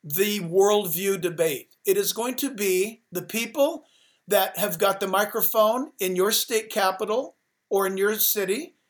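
A man's voice: sits high, measured pace. A man, a pastor guest on a talk show, speaking in a fervent, preachy way and exhorting his listeners directly. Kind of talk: forceful talk-show interview.

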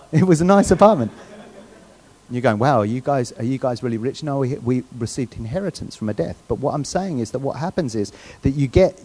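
A man preaching a sermon in a church in a relaxed, conversational way, often checking in with the congregation. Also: mid-range voice. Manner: conversational, asks the crowd questions, restarts often. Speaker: guest preacher.

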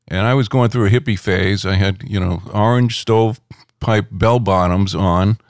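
A middle-aged man, a rock critic, telling anecdotes in a relaxed interview at home, rambling with many fillers. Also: on the low side, moderate pace, no echo, clean studio sound.

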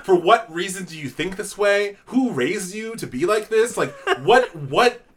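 A man's voice: sits high, animated, measured pace. A man hosting a casual podcast, telling a long rant with laughter and swearing. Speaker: podcast host.

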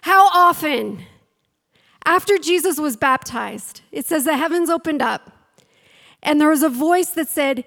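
A woman's voice: high voice, animated, a little slow, gravelly, a bit bright. A woman preaching a sermon, telling a Bible story and acting out its voices, building to fiery challenges. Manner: storytelling, acts out quotes, rises to fiery challenges. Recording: long hall reverb.

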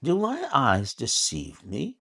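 A man voicing a pompous, irascible old squire who talks in an indignant, excitable, declamatory way in a storybook reading. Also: medium pitch, slow pace, creaky, breathy edge, dry recording, studio quality, voice pushed up, heavily acted. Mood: excited.

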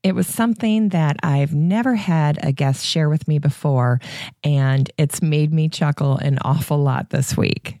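A woman's voice: deep voice, a little slow, mellow, dry recording, clean studio sound. A woman hosting a casual family podcast, introducing readings in a playful, upbeat way. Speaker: podcast host. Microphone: studio microphone with pop filter.

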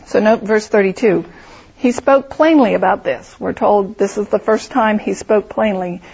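A woman's voice: medium pitch, moderate pace, vocal fry, a little mellow, husky, muffled recording. A woman teaching a Bible study, explaining the text through vivid storytelling and imagined scenarios.

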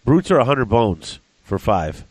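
A man's voice: medium pitch, big pitch swings, measured pace, dry recording. A man in casual hobby chat, thinking aloud as he works out prices and corrects himself.

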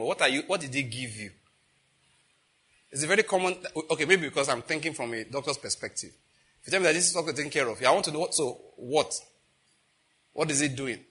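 A middle-aged man, preaching a sermon with lively rhetorical questions. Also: a little high, slightly rough. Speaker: pastor.

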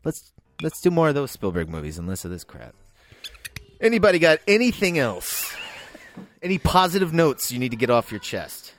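A man's voice: fairly high pitch, big pitch swings, normal speed. A man co-hosting a film podcast, ranting heatedly with lots of swearing. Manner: heated, swearing, loud outbursts. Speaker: podcast co-host. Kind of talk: profane ranting film review.

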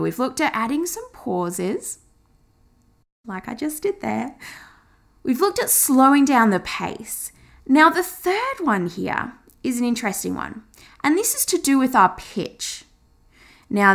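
A woman marketing coach talks straight to camera in an upbeat, encouraging lesson. Her voice sits a little high and moves through a wide, animated pitch range. She keeps it friendly and conversational as she teaches. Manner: demonstrates fast and slow, high and low delivery; encouraging, chatty.

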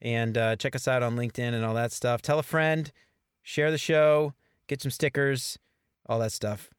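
A man's voice: mid-range voice, fairly even intonation, normal speed, smooth, no room sound, studio quality. A man co-hosting a casual podcast, talking in a laid-back, playful, chatty way. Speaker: podcast co-host.

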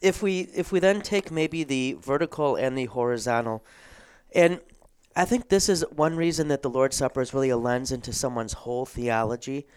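Man, pastor, mid pitch, reflective and halting, clears throat, hosting a discussion. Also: darkish tone. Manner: thoughtful, with frequent ums and throat clearing. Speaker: Lutheran pastor and host. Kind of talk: theological discussion.

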